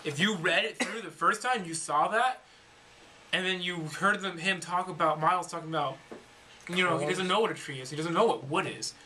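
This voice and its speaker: A man's voice: sits high, a little fast, bright, forceful tone, slight background noise. A man reading his own fan story to friends, rambling and correcting himself as he goes. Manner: rambling, self-correcting narration. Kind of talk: casual read-through with friends.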